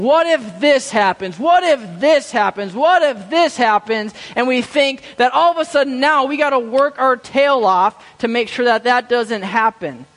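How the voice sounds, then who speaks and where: A man's voice: high-pitched, a bit bright. A young man preaching a sermon, telling a story and acting out the inner voices of its people, often repeating his words. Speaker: pastor. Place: church. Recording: church hall with long reverb.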